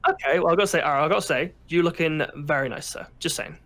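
A man's voice: on the high side, fast, a bit bright. A man voicing a bartender in a casual game role-play, who often stammers and repeats words. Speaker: bartender character.

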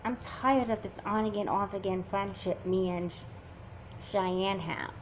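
A woman's voice: mid-range voice, fairly even intonation, a little slow, slight background noise, lightly acted, rough recording. A woman voicing a hurt, confused teenage girl who talks in a subdued, sullen way in an amateur doll movie. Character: hurt, confused teen girl, sulky and quiet.

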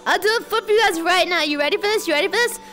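A woman with a very high, sharp, bright voice chats playfully with her live-stream viewers. Her voice is slightly sore and strained, and faint music plays behind her. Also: rapid-fire. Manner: bubbly, playful, greets chat excitedly. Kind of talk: casual live-stream chat.

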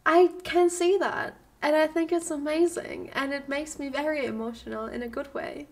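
A woman's voice: sits high, moderate pace, a little mellow. A young woman streamer reacting to a fan video, emotional and gushing, talking directly to her chat. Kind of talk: casual live-stream reaction.

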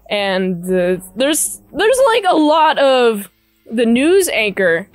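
A high-pitched woman talks through a film recap at an unhurried pace, rambling and sarcastic, slipping into mocking asides. Her voice is close and dry, with faint music underneath. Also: sing-song, no room sound. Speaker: movie reviewer. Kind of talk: casual spoken movie recap.

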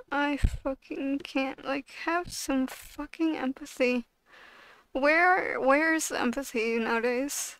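A woman ranting heatedly to camera, swearing and restarting often, with a gravelly edge to her voice. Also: sits high, a bit bright, no echo, rough recording. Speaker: video creator. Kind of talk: angry rant to camera.

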